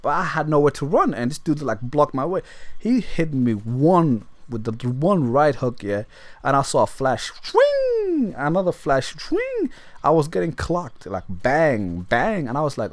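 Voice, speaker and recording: A man's voice: medium pitch, big pitch swings, moderate pace, no room sound. A young man telling a story in a casual, crude and brash way, laughing at himself. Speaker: vlogger.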